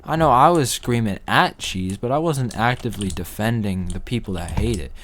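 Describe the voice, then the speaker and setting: A young man with a somewhat low voice rambles through casual gameplay commentary, tossing off absurd deadpan jokes. Faint keyboard clicks tick away behind him as he plays at his computer. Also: normal speed, slight background noise. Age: young adult. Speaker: gaming commentator.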